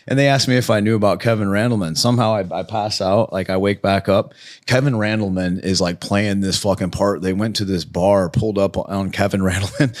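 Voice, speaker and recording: A man's voice: on the low side, a little fast. A young man telling a wild story on a podcast, swearing freely and acting out the voices of people in it. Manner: animated, swearing, acts out voices. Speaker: guest fighter.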